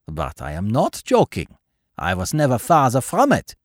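A man voicing a middle-aged male baron, loud, excitable and hearty. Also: on the low side, a little slow, dry recording, studio quality, exaggerated voice.

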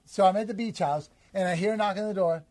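Higher-voiced man spinning an absurd story. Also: fast talker, dry recording. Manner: rambling deadpan tall tale with acted-out quotes. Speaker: podcast co-host.

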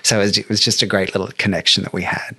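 A middle-aged man from Australia, a make-up artist telling stories in an interview with lively, emotional delivery. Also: fairly low pitch, racing, breathy edge, dry recording. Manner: animated, emotional storyteller who acts out quotes. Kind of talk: storytelling interview chat.

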